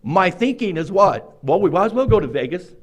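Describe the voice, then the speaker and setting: High-voiced man telling a funny recovery story. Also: big pitch swings, a little fast. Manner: wry storyteller, self-mocking, laughs often. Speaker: recovery meeting speaker. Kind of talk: humorous personal recovery story. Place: meeting room.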